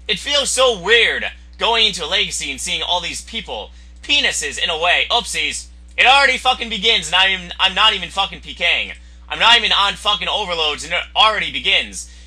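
High, bright, excitable young man gamer. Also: a little fast, husky. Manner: excitable, crude, yelling at opponents. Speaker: gameplay commentator. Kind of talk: profane live gameplay commentary.

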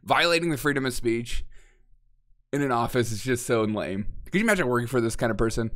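A man's voice: medium pitch, lively intonation, brisk, a bit bright. A man hosting a casual political opinion show, talking in a mocking, exasperated way, laughing often and acting out the quotes he makes fun of. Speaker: political commentary host.

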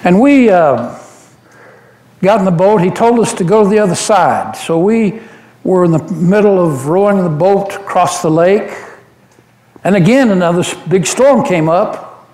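In a church sanctuary with roomy echo, a church member plays the apostle Peter, an earnest, devoted fisherman recalling his memories in a first-person monologue during a service. His voice is high and unhurried, and he sounds awed, an earnest, animated storyteller who often restarts.

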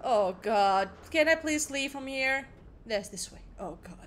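A woman's voice: sits high, lively intonation, unhurried, slight background noise. A young woman commenting casually while playing a game, jumpy and chatty, mocking herself. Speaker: gaming streamer. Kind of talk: casual let's-play commentary.

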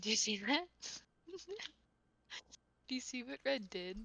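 A woman's voice: fairly high pitch, lively intonation, a little slow, gravelly, fairly bright tone, no echo. A young woman chatting with friends while gaming, telling a story and slipping into a mock British accent now and then. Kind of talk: casual gaming chat with friends.

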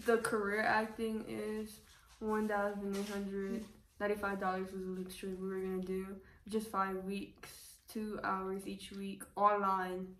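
A young woman tells a storytime in a chatty, rambling way, leaning on "like" as she acts out what others said. Her delivery stays flat and level. She sits back from the mic in a roomy, echoing space. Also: medium pitch, a little slow, recorded from a distance, slight background noise. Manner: chatty, fills with "like", acts out quotes. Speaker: vlogger. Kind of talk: casual storytime. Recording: roomy echo, voice away from mic.

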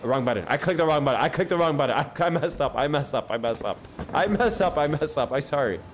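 A man streaming a video game, chatting excitedly and joking with his viewers. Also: on the high side, quick pace, slight background noise. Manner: excitable, jokey, talks to chat. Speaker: gaming streamer. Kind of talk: live gameplay commentary. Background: game music.

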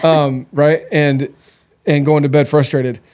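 A man's voice: a little high, little pitch movement, takes it slowly, a little mellow. A man in his thirties hosting, telling blunt, candid stories in a casual chat. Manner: blunt, candid storytelling with quoted dialogue. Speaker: podcast host.

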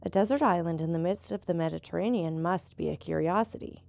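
A woman voicing an eager, quick-tempered young gentleman traveler who keeps asking questions. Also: lowish voice, creaky, no room sound.

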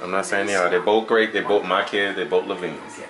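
A man's voice: low voice, steady tone, a little fast. A man, a father in a family vlog, talking casually at home and arguing back lightly while a football game plays. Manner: argues back lightly, talks to the baby and at the TV. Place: living room at home. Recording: roomy room with TV sound behind. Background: TV with football game playing.

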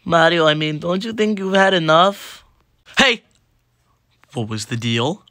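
A man's voice: on the high side, very animated, measured pace, sharp tone, exaggerated voice. A man voicing a nervous, stammering adult male plumber. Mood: sheepish.

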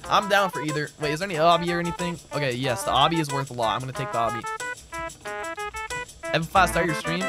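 A man's voice: fairly high pitch, quick pace. A man streaming a game live, chatting casually and reading out and answering his chat. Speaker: gaming streamer. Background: game music and keyboard typing.

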